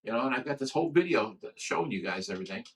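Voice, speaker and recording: A man's voice: mid-range voice, expressive, racing, far from the mic, slight background noise. A man hosting a livestream, telling a long personal story in a rambling way, stammering and repeating himself with lots of fillers. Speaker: livestream host of a fish rescue.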